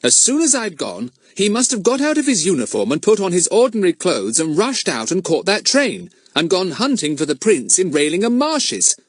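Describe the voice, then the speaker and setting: A man voicing a clever, self-assured boy who leads a group of young sleuths, talking brisk and sure. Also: high-pitched, huge pitch swings, no room sound, pitched above the performer's own voice, full character voice. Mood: confident.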